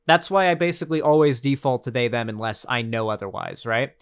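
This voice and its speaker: A man's voice: medium pitch, lively intonation, brisk, smooth. A man streaming casual political commentary, rambling and sarcastic, with lots of fillers and restarts.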